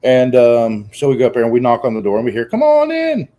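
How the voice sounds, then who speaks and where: A man in his forties with a mellow, warm voice at a middle pitch. He tells an animated anecdote in easygoing conversation. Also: quick pace, rough recording. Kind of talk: casual chat.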